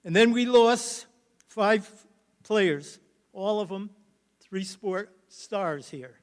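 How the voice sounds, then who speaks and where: Emotion makes this older ex-coach's hall of fame induction speech halting. He speaks in a high-pitched voice with lively intonation.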